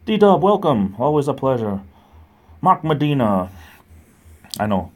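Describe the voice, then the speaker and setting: A man's voice: mid-range voice, big pitch swings, normal speed, darkish tone. A man hosting a casual livestream, rambling, ranting and reading the chat aloud. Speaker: livestream host. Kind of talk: casual live-stream chat.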